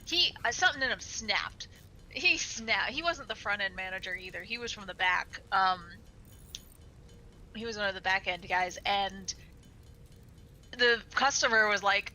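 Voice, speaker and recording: A young woman co-hosting a gaming video in casual chat, a lively storyteller who laughs often. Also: medium pitch, unhurried, long pauses, slight background noise, poor audio. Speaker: gaming channel co-host. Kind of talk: casual chat while playing a game.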